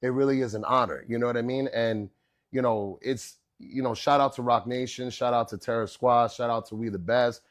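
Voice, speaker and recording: A man, a chef guest on a podcast, telling stories in a casual, animated way, with many fillers like "you know what I'm saying". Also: mid-range voice, a little fast. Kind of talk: casual storytelling.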